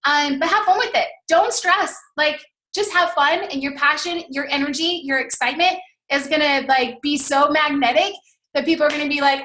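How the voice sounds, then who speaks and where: Woman coach, upbeat pep talk over a video call, high bright voice, echoey room. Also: moderate pace. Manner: enthusiastic, fillers of "like", addresses listeners as "you guys". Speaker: team coach on a training call. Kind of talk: motivational talk.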